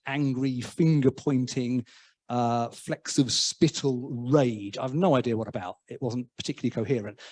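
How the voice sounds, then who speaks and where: Chatty, self-deprecating English preacher. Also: male voice, on the high side, a little mellow. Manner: self-deprecating, humorous, halting with restarts. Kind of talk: conversational sermon. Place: church.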